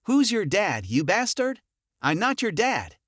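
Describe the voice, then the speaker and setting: A man voicing a violent, drunken old man who shouts and curses. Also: sits high, very animated, slow pace, no echo, studio quality, full character voice. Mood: drunken rage. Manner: shouting, cursing.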